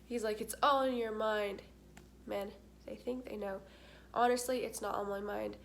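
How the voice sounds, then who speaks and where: A woman's voice: medium pitch, steady tone, moderate pace, vocal fry, a little hiss or hum. A young adult woman vlogging in casual chat, candid and talkative, with frequent filler words.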